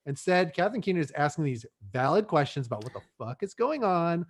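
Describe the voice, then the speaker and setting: A man's voice: on the high side, big pitch swings, fast talker, hardly any pauses. A man as a guest on a casual movie podcast, giving joking commentary.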